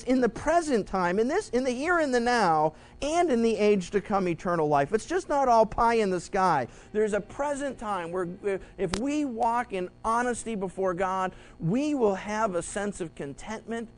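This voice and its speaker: A male pastor with a high voice for a man, teaching scripture in a loose, conversational way. He stumbles and restarts, then bursts into little acted-out quotes. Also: poor audio. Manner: animated, acts out quoted voices. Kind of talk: Bible study sermon.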